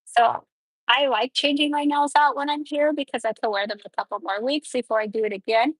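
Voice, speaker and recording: Husky-voiced woman nail tech teaching live. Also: high-pitched, brisk, no room sound, low-quality recording. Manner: chatty, explains each step while working.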